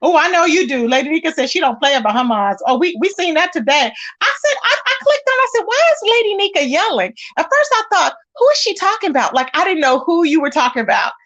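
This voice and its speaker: High-pitched woman w/ aave, chatting on her livestream, animated, thanks chat n spills tea. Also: quick pace, few pauses. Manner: animated, dramatic, acts out quotes. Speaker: livestream host reading chat. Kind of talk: casual gossip livestream chat.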